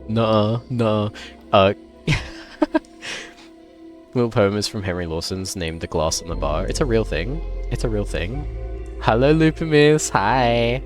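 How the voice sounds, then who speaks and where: A man streaming a game live, chatting playfully and greeting his viewers with excitement. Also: fairly low pitch, unhurried, long pauses, faint music behind. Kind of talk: casual livestream chat while gaming.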